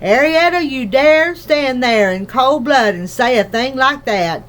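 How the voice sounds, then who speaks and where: A woman's voice: high voice, animated, unhurried, a bit bright. A woman reading aloud, voicing a fussing, easily upset tiny mother borrower who frets and frightens easily. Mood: distraught. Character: fretful tiny mother borrower, anxious and tearful.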